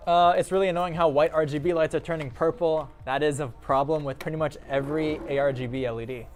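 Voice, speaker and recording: A man's voice: on the high side, fairly even intonation, fast talker, a little mellow. A man hosting a PC build livestream, explaining hardware in a laid-back, casual way, with faint music underneath. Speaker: PC build stream host.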